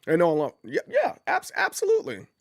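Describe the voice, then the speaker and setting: A male streamer talking casually on his livestream, rambling through stories with lots of restarts and sudden jumps into squeaky mock voices. His voice sits a bit high for a man. The sound is dry and close, with no room around it. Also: wildly swooping pitch, a little fast, vocal fry, dry recording. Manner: frequent restarts and laughter.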